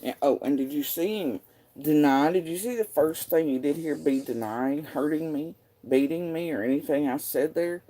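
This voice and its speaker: Man ranting bitterly in a dark voice. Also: fairly high pitch, moderate pace, poor audio. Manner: bitter and profane, reading out messages. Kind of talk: angry personal rant.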